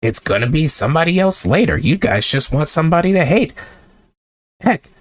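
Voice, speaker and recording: A man's voice: fairly high pitch, big pitch swings, normal speed, no echo. A man delivering a heated sports rant to camera, exasperated and sarcastic, with blunt outbursts. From United States. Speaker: sports vlogger.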